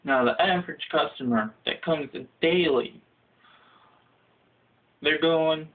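A young man telling a comedic, profane story in a casual ranting way, jumping into high shouted voices for the people he quotes. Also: slow pace. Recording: phone-like lo-fi audio.

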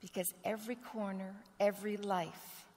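A woman pastor preaching a sermon with earnest storytelling, clearing a rough throat now and then. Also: medium pitch, little pitch movement, moderate pace, darkish tone. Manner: earnest storytelling, acts out quoted dialogue. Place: church sanctuary. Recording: long reverb of a church sanctuary.

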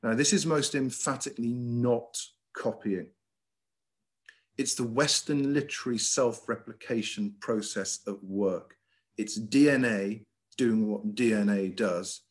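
A middle-aged man, a headmaster giving a lively, emphatic lecture over a video call, with frequent ums and uhs. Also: mid-range voice, measured pace. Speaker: school headmaster giving a talk. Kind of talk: lecture with slides.

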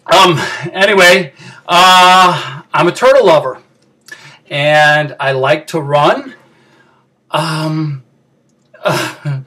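A man delivers a comedic parody monologue at a very slow, halting pace, full of pauses and fillers. His bright, sharp voice drops into low mumbling, then cracks into high, tearful wailing. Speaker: comic parodying an online dating video.

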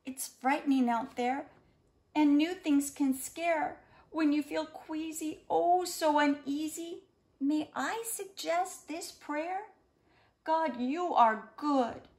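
High-voiced woman reading a children's book. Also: takes it slowly. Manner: gentle, expressive storybook reading. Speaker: children's ministry storyteller. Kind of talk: reading a rhyming picture book aloud to children.

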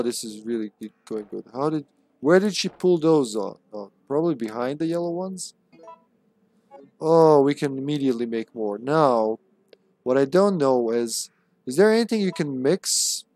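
A man's voice: medium pitch, expressive, moderate pace, darkish tone. A man streaming a live game, commenting casually with joking, sarcastic remarks and chatting with his viewers.

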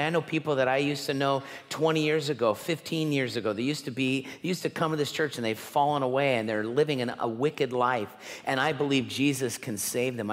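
Man preaching in a reverberant church. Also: medium pitch. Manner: earnest, emphatic preaching with slow stressed words. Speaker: pastor. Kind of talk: sermon. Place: church sanctuary. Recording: long hall reverb.

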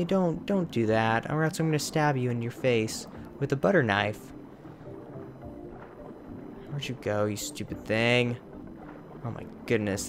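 Let's play host, male, mid-range voice, slow and exasperated, mild minced oaths. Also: mid-range voice, noisy background. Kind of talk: casual gameplay commentary.

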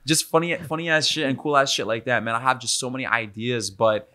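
Young new guy, bright voice, rambling, says like and bro constantly. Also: mid-range voice, steady tone, brisk. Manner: rambling, heavy slang, lots of "like" and "bro". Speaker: guest. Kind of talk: casual chat.

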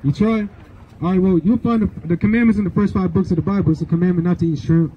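Street preacher, man, high voice and quick delivery, dull lo-fi outdoor recording. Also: breathy edge. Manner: preachy, asks for verses and keeps saying "right?". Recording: dull lo-fi sound, faint outdoor noise.

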